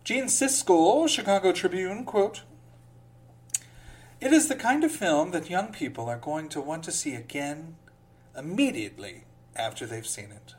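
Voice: medium pitch, very animated, normal speed. A podcast host reading film reviews aloud in a casual way, with sarcastic asides between the quotes and a slide into a pompous reading voice.

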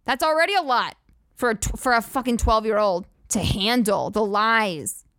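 A young woman hosts a comedy podcast. Her pitch sits a little high, and she rants sarcastically with lots of swearing. Her voice is recorded dry and close with no room echo. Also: normal speed, a bit bright. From United States. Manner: sarcastic, profane, rambling asides. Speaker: podcast host. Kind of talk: casual comedic rant.

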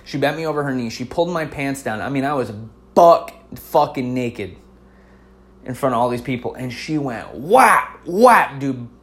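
A man in his forties hosts a podcast, telling stories in a casual, profane, slangy way and calling listeners "dude". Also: mid-range voice. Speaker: podcast host. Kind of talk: casual storytelling chat.

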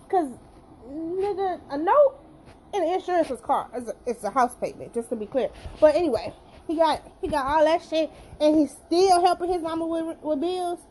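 A woman's voice: sits high, a little mellow, a little hiss or hum, rough recording. A young woman giving a blunt, profane opinion rant to camera, repeating herself for emphasis. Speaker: vlogger.

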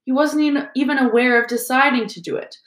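A woman narrating an audiobook in a steady storytelling manner. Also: sits high, quick pace. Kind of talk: audiobook reading. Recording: roomy echo.

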